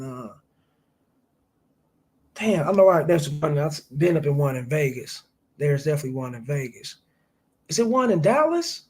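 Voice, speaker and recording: A man's voice: fairly high pitch, vocal fry, breathy edge. A man around forty hosting a casual livestream, talking profanely and reading viewer chats aloud. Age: late 30s to early 40s. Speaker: livestream host.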